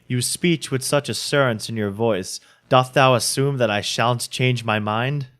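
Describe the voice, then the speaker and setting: A man reading a weary young woman's lines in Shakespearean verse, calm and fairly plain. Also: mid-range voice, a little slow, lightly acted. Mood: cool.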